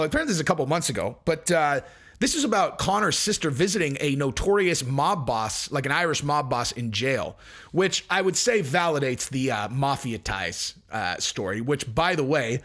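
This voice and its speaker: Profane, animated male vlog host. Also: on the high side, normal speed. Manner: profane, blunt, animated ranting. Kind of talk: casual ranting commentary.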